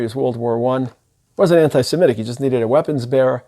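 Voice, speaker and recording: Middle-aged rabbi, earnest and emphatic, mid-pitched man's voice. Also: quick pace, dark tone. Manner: earnest, emphatic delivery sprinkled with Hebrew and Yiddish terms. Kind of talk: sermon.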